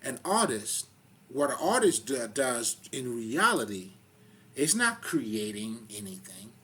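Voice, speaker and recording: This is a man with a husky, slightly rough voice, talking in a loose, rambling way. He swears freely, leans on fillers, and breaks into loud laughs between his points. His pitch sits at an ordinary middle level for a man. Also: sing-song, slow pace. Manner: rambling, profane and streetwise, with frequent fillers. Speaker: spiritual talk host. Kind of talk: casual spoken monologue.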